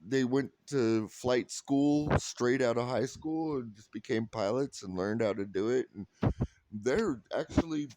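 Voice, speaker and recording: A man in his thirties tells a funny story for a casual vlog, quoting people and laughing often. His mid-range voice is unhurried, and he rambles with restarts and plenty of "like." There's noise in the background.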